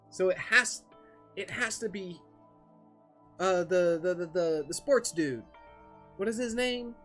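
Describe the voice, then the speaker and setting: A young man streaming a game, making excited, rambling asides between the lines he reads. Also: sits high, takes it slowly, pauses often, soft background music. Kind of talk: casual game commentary.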